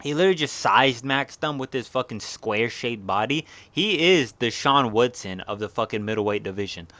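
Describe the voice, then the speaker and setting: A man's voice: mid-range voice, lively intonation, moderate pace, pushed and bright, dry recording. A young man hosting a casual fight recap, rambling along in slang and constant swearing.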